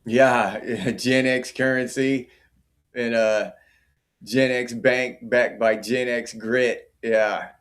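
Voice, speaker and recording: A man's voice: mid-range voice, fairly even intonation, extremely slow, a bit bright. Middle-aged guy hosting a morning livestream, easygoing, talks back to chat comments. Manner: chatty, answers viewer comments by name. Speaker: livestream host.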